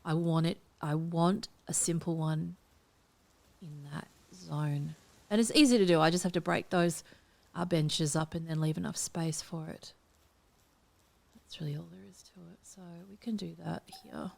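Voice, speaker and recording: Female gameplay host, low and gravelly, mutters and whispers as she builds. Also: moderate pace, darkish tone. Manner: drifts between murmuring and whispering to herself. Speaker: game build tutorial host. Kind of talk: casual gameplay commentary.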